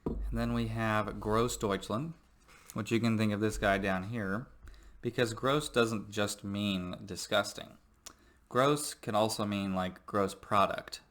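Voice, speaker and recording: A man's voice: lowish voice, steady tone, slow, fairly bright tone. A man who teaches history, giving a recorded lecture in a joking, rambling way with many fillers.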